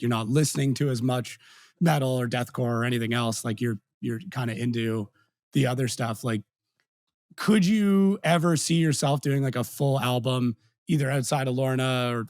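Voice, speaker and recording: A man's voice: medium pitch, no echo, studio quality. A man hosting a podcast, chatting casually and affirming his guest as he asks questions. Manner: relaxed, affirming interviewer. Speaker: podcast host. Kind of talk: casual interview chat.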